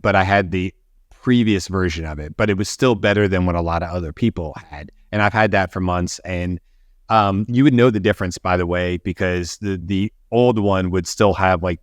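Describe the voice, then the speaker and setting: A low-pitched man co-hosting a casual talk show, telling stories and lifting his voice whenever he quotes someone. Recorded close and dry, with no room sound. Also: no room sound. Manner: chatty storyteller, acts out quotes in a raised voice. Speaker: co-host. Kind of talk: casual chat.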